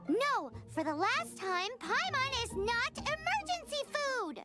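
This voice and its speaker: Paimon, squeaky fairy sidekick. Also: female voice, unhurried, full character voice. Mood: indignant. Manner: squeaky, indignant, excitable. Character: tiny floating female fairy companion, bossy and food-loving. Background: game music.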